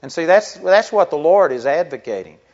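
A man's voice: on the high side, lively intonation, moderate pace, a little mellow. A middle-aged man, a pastor, preaching a sermon in an earnest, conversational way that builds into emphatic stretches. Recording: dull lo-fi recording.

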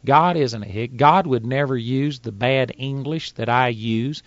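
A man's voice: medium pitch, measured pace, dry recording, highs cut off. A man with a Texas accent, teaching from the Bible in a folksy, plainspoken sermon and reading scripture aloud. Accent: Texan. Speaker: preacher.

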